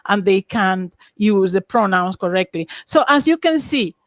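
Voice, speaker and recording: A woman lecturing in an online academic webinar, lively and emphatic, over a video call. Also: medium pitch, unhurried, no echo.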